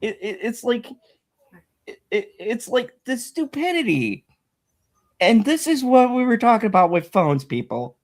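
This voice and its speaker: A woman's voice: on the high side, big pitch swings, unhurried, darkish tone. A woman hosting a commentary channel, delivering a furious, profane rant, stammering when heated and mocking her critics. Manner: furious, sweary, mocking sing-song impressions of critics.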